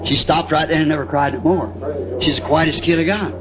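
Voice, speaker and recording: A man's voice: on the high side, a little fast. A man preaching a sermon, telling family stories in a folksy way and often asking "See?". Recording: dull lo-fi old tape with faint hiss.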